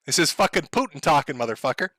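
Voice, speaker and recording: A man's voice: on the high side, animated, fast talker, fairly bright tone. A man putting on the voice of an angry, blustering male head of state who curses as he talks. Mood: defiant. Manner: swaggering, cursing.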